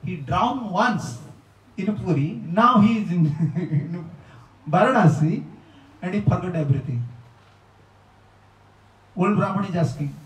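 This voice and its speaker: Monk, male, high voice, animated storyteller sermon; distant mic, echoey hall. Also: a little slow, long pauses. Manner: animated storyteller in non-native English, voicing the characters. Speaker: monk giving a spiritual talk.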